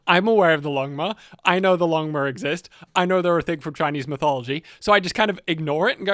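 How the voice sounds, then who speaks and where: A man with a somewhat high voice co-hosts a casual lore podcast. He rambles, swears freely and jokes as he goes. The sound is close and dry. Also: fast, few pauses, fairly bright tone, dry recording. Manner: rambling, profane, jokey. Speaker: podcast co-host narrating lore.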